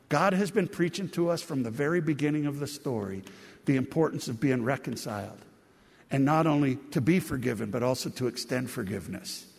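A man's voice: mid-range voice, a little mellow, breathy edge. A man preaching a sermon as a pastor, earnest and conversational, leaning into the heartfelt moments. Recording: long hall reverb.

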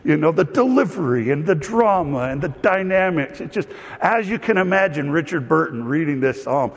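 A man preaching a sermon as pastor, telling stories with lively asides to the congregation. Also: on the high side, normal speed. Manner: animated storytelling with asides. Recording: long hall reverb.

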